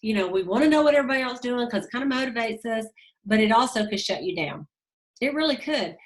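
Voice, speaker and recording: A woman's voice: on the high side, animated, fast. A woman giving a casual motivational talk to her sales team, telling stories with many fillers and emphatic repeats.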